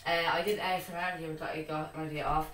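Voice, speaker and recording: A man's voice: on the high side, level tone, fast, a bit bright, a little hiss or hum. A young Irish man chatting casually in a vlog, telling rambling, giggly stories from his room. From Ireland. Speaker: vlogger. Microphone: laptop mic from a distance. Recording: echoey room, far from the mic.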